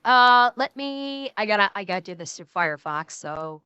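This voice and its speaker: Bright, chatty Midwestern streamer woman. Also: medium pitch, lively intonation, moderate pace, smooth, dry recording, highs cut off. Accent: Midwestern American. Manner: chatty, laughs often. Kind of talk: casual stream chat.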